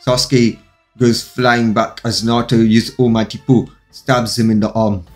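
A man's voice: medium pitch, flat delivery, normal speed, a little mellow. A man narrating a fan-fiction story in a plain, run-on reading with occasional slips. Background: faint music.

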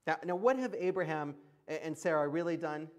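A man's voice: fairly high pitch, lively intonation, a little fast. A man preaching a sermon in a conversational, emphatic way, laughing often between points. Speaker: pastor. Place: church.

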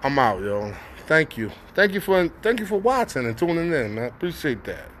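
A man's voice: on the high side, big pitch swings, normal speed, fairly bright tone, a little hiss or hum. A man from North Carolina, vlogging casually outdoors on a city street and talking loosely in slang with frequent laughs. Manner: laid-back slangy street talk, laughs often. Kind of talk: casual vlog talk to camera.

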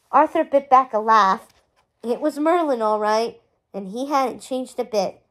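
A woman reads a chapter book aloud in a bright, high voice. Her narration is expressive and lively, keeping the story moving between the characters' lines. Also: measured pace. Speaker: storybook reader.

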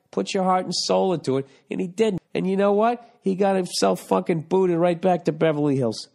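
A man's voice: a little high, darkish tone. A man hosting a podcast, reading listener letters aloud and giving profane, exasperated comedic advice. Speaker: podcast host.

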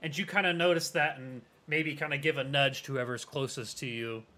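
Bright-voiced male game master. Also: mid-range voice, fairly even intonation, fairly quick. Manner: loose, rambling narration with hedges. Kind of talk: narrating a tabletop game.

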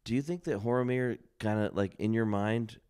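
A man co-hosting a podcast, chatting in a relaxed, rambling way and swearing freely. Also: fairly low pitch, normal speed, clear, resonant tone. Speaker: podcast co-host. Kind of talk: casual podcast chat.

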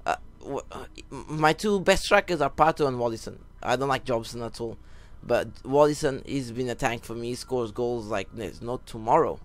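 A man's voice: medium pitch, normal speed. Young guy chatting over footy gameplay, rambly story, gets hyped when goals go in. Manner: rambling storyteller, jumps to excited goal calls. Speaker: gaming YouTuber. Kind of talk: casual commentary over gameplay.

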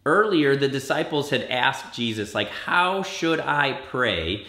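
A man as a children's pastor, telling a story to kids in an animated way and acting out the quotes with big jumps in pitch. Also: slow, reverberant. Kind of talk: kids' church sermon.

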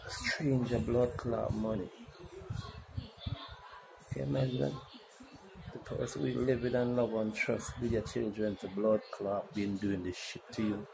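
Ranting man, loud noise behind. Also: medium pitch, steady tone, a little slow, creaky, pauses often. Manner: profane, rambling rant. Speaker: musician telling his story. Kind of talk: rambling monologue.

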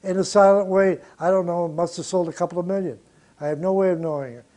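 In a high-pitched, warm voice with fairly even intonation, an older record producer talks fast. Sharing studio anecdotes in an interview, he swears freely, speaks bluntly, and lets out brief chuckles.

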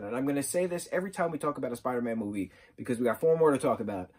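A man giving a casual spoken movie review, rambling and excitable, full of fillers. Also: mid-range voice, racing, noisy background.

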